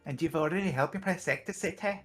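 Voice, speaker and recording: A woman's voice: low voice, fast talker, a bit bright. A woman voicing a cheerful, helpful young male townsman in a Scouse accent, reading game dialogue. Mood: surprised. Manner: chatty and polite, bursts of hearty exclamation. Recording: background music under the voice.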